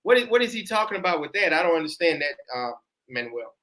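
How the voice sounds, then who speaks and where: A man's voice: a little high, very animated, fast, fairly bright tone. A man hosting a casual podcast chat who restarts his sentences and laughs easily.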